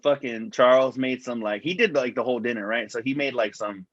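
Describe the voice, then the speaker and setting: A man co-hosting a casual podcast, rambling through a story and swearing constantly. His voice sits at an ordinary middle pitch. The sound is dry and dull, with a lo-fi edge. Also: brisk, no echo. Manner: profane, rambling storyteller, says "dog" a lot. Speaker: podcast co-host. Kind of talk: casual chat.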